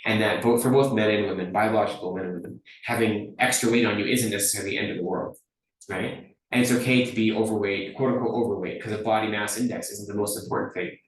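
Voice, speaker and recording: A man's voice: lowish voice, fairly even intonation, quick pace, slight background noise. Man teaching in a very echoey hall. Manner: conversational, often checks in with "right?". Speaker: Buddhist teacher. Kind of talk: dharma teaching talk. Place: teaching hall at a dharma center. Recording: very echoey room, mic far off.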